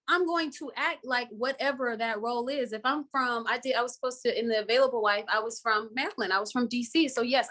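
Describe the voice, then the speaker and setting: A woman's voice: fairly high pitch, fairly bright tone. A woman from Florida with a Southern accent, an actress talking emphatically and laughing often in a live online interview. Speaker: actress guest. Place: online video call.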